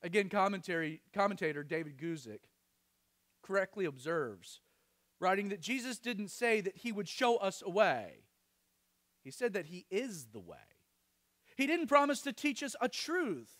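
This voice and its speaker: High, lively-voiced preaching man. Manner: expressive, emphatic, earnest. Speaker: pastor. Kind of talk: sermon.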